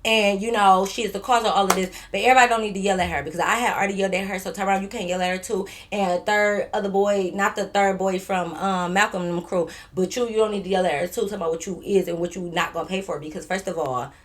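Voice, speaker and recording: A woman spins a casual storytime, slangy and profane. She jumps between her own telling and quoted voices, getting louder and softer as she goes. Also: mid-range voice, steady tone, fast, few pauses. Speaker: vlogger.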